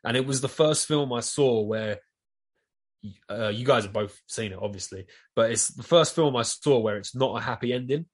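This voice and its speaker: A man in a casual chat, telling stories with lively energy and plenty of swearing and filler words. His voice sits at an ordinary middle pitch for a man. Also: normal speed, breathy edge. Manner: animated storyteller, heavy swearing, lots of fillers.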